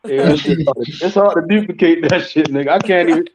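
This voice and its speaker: A man with a Baltimore accent hosting a casual group chat, loose and laughing, with profane banter. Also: fairly high pitch.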